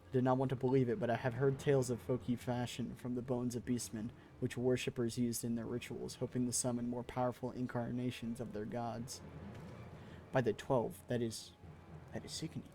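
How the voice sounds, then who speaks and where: A man voicing an earnest young male scholar in a fantasy game, reading in a formal, measured way. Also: mid-range voice, level tone, mellow, a little hiss or hum, close to an everyday voice. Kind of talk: reading game dialogue aloud.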